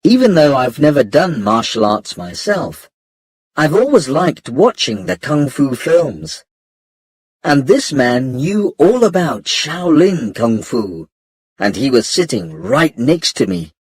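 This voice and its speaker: A man reads a story aloud for learners, slow and carefully paced. His pitch moves a lot, and his voice is a little breathy. The recording is close and dry. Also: big pitch swings, dry recording. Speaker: narrator. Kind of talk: scripted narration of a graded reader.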